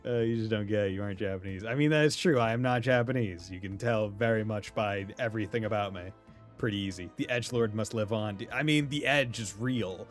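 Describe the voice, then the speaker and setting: A man's voice: lowish voice, fairly quick, soft background music. A man from Rhode Island with a light Rhode Island accent, streaming a game in casual, rambling chat, laughing often and swearing now and then. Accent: light Rhode Island New England. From Rhode Island, USA.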